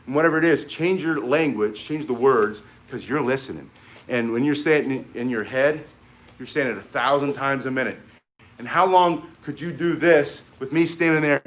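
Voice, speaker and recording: A man's voice: mid-range voice, lively intonation, fairly quick, a bit bright. A middle-aged man teaching a martial arts class in a casual, encouraging way, rambling with fillers and restarts.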